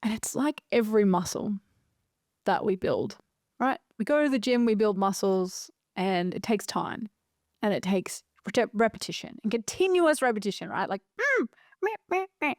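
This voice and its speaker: A woman, hosting a casual solo podcast as a coach, animated and emphatic, swearing freely and often asking "right?". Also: mid-range voice, moderate pace, no room sound, studio quality.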